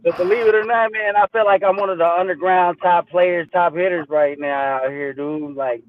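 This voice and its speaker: Man from Texas, rapper guest, easygoing slang talk, higher voice, dull lo-fi sound, faint noise. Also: fairly even intonation, normal speed. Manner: easygoing, chuckling, street slang. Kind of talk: casual interview.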